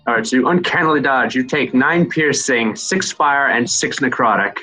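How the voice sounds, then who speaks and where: A man's voice: mid-range voice, music in the background, rough recording. Man running a tabletop game. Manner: steady, measured, explains rules. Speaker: game master.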